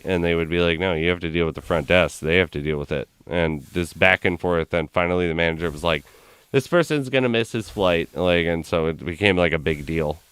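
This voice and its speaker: A man with a very deep voice, smooth and clean, tells a long story in casual chat. He rambles, keeps saying "like," and slips in and out of the people he quotes. The sound is close and dry, with no room around it. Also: fairly bright tone, dry recording. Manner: rambling anecdote full of "like", acting out quoted people. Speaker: gaming stream host.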